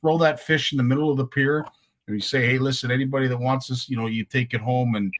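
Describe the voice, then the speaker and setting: A man's voice: mid-range voice, steady tone, fast. A man from Canada hosting a talk show, chatting casually with jokes at his own expense. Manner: jokey, self-deprecating. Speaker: host. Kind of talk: casual chat.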